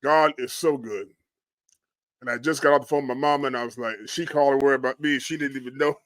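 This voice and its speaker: A man from Florida hosting a livestream and commenting on storm damage photos, murmuring hushed, prayerful exclamations between his remarks. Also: medium pitch, steady tone, fast, no room sound. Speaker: livestream host.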